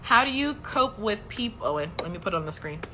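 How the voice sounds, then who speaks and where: A woman's voice: mid-range voice, expressive, fast, sharp tone, a little hiss or hum. A woman hosting a casual faith livestream, speaking in an emphatic, preachy way and often checking in with "okay?". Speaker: host.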